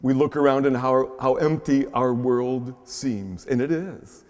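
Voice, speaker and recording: Man, pastor, slow, earnest sermon delivery in a reverberant church. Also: mid-range voice. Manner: earnest preaching with slow pauses and swelling emphasis; gentle, playful talk to children. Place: large church shrine. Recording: long echo of a large church.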